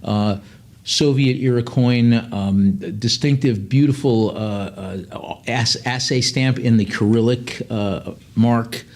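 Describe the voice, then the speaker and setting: A man's voice: mid-range voice, slow pace, a little mellow. A man working as an auctioneer, calling bids in a live auction and drifting into chatty asides with lots of fillers. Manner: chatty, digressive, many fillers between bid calls.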